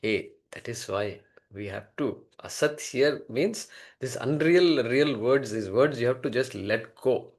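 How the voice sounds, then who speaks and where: A man's voice: medium pitch, animated, a little slow. A man giving a classroom lecture on a Sanskrit text, explaining word by word and posing rhetorical questions. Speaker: scripture teacher.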